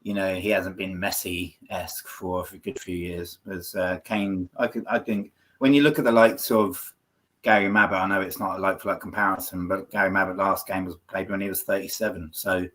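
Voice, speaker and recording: A man's voice: deep voice, fairly even intonation, moderate pace, a bit bright. A man hosting a casual football podcast, talking in a rambling, earnest way with lots of fillers. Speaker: podcast host.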